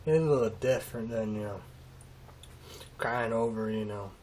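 A man rambling through a halting, emotional monologue in a casual vlog, trailing off and restarting often. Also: fairly low pitch, a little mellow, a little hiss or hum. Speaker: vlogger.

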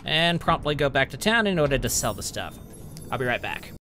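Guy doing casual let's-play commentary at his home pc, reads item stats out loud, game music going behind him. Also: mid-range voice, very animated, brisk. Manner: chatty, reads out item stats, mutters at enemies. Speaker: gaming channel host. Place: home computer setup.

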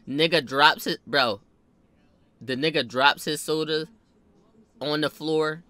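A man telling a story casually, animated and full of slang, swearing and repeating lines for emphasis. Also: on the high side, slow, long pauses, no echo.

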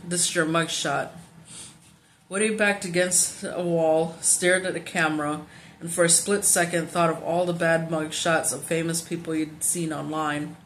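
A woman reading a children's novel aloud in steady, plain narration, now and then stumbling on a word and correcting herself. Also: low voice, slight background noise. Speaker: audiobook reader.

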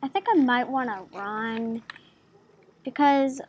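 Woman, gaming host, slow, giggly, playful gameplay commentary, talks to game creatures. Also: fairly high pitch, slight background noise.

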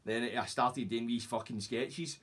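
A man's voice: medium pitch, steady tone, measured pace, fairly bright tone, husky. A Scottish man hosting a podcast, telling rambling, sweary anecdotes in casual chat and acting out what people said. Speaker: podcast host.

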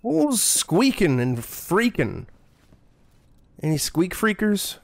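A man's voice: high-pitched, very animated, slow, creaky, dry recording. Sarcastic, swearing streamer man. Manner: sarcastic, joking, profane. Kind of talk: profane let's play commentary.

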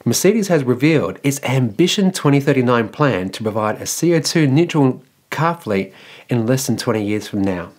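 A man's voice: medium pitch, expressive, normal speed. A man from Australia hosting an electric car news show, reading his script in a loose, casual way and filling gaps with "like" and "well". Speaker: EV news host.

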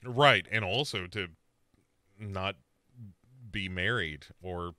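Man, podcast co-host, animated storyteller, bright tone. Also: deep voice, takes it slowly, clear, resonant tone, no echo, clean studio sound. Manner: animated storyteller, acts out characters' lines. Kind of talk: casual chat recapping a horror series.

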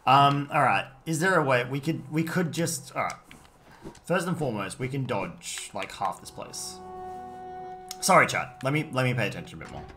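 A man with an Australian accent streaming a game live, reading chat aloud and reacting in sudden high yelps. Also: lively intonation, normal speed, bright, forceful tone, soft background music.

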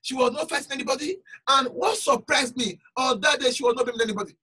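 A man's voice: extremely high pitch, fast, pushed and bright, husky, distant mic, low-quality recording. A man preaching a sermon and telling a personal testimony, emphatic and repeating phrases for stress.

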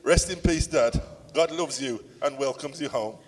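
A man's voice: mid-range voice, moderate pace. A man in his sixties reading a eulogy for his father, emotional and struggling to get through it. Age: 60s. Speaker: son giving a tribute. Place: church.

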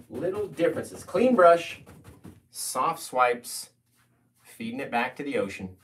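Lively, soft-spoken male painting instructor. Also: mid-range voice, a little slow, a little hiss or hum. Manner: soft-spoken, bursts into playful loud radio voice. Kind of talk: live painting tutorial.

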